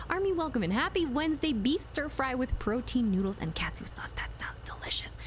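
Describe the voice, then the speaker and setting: A woman streamer with a fairly high voice that leaps all over the place, talking playfully and reading out chat while she plays. She speaks into a compressed streaming mic in a closed room at home. A faint hiss sits underneath. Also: sing-song, fairly quick, hardly any pauses. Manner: chatty, reads and answers chat, playful. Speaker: livestreamer. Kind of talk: casual live-stream chat while gaming.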